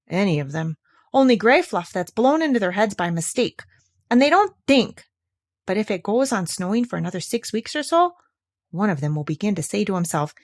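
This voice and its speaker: Mopey old donkey, grumbling, self-pitying, lively sing-song pitch, storybook, read by a woman. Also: no echo, clean studio sound. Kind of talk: storybook reading aloud.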